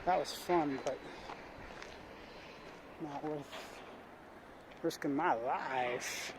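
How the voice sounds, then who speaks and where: Chatty high-voiced man vlogging outdoors. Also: very slow. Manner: chatty, self-mocking, talks to camera. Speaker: travel vlogger. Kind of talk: casual vlog narration. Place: outdoors on rocky hills above a city. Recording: outdoor mic with wind and street noise. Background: traffic, car horns and dogs outdoors.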